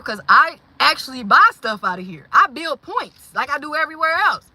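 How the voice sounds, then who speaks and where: Bright-voiced, blunt woman venting. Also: high voice, fairly quick, dry recording, rough recording. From Milwaukee, Wisconsin. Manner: animated, blunt, confrontational. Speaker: vlogger. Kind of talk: venting monologue.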